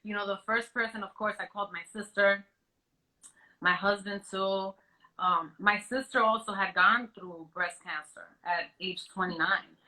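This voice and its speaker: A woman's voice: medium pitch, steady tone, measured pace, bright, forceful tone, poor audio. A woman in an interview, earnestly telling her own story, often restarting her sentences and acting out what others said to her. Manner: frequent restarts and trailing off.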